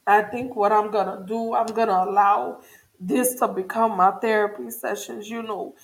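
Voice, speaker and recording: A woman's voice: mid-range voice, steady tone, moderate pace. A grieving woman talks openly and earnestly to her viewers in an emotional personal check-in, repeating phrases for emphasis. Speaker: vlogger.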